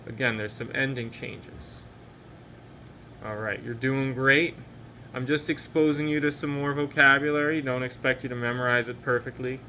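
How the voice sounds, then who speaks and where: Bright-voiced, patient male language teacher. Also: mid-range voice, fairly even intonation, slight background noise. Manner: patient, slow drilled repetitions of each phrase; encouraging. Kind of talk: recorded language lesson.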